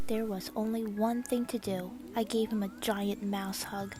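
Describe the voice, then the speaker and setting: A woman reading a children's chapter book aloud in a slow, expressive storytelling manner. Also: mid-range voice, soft background music. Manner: slow, expressive storytelling with soft hushed passages. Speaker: reader.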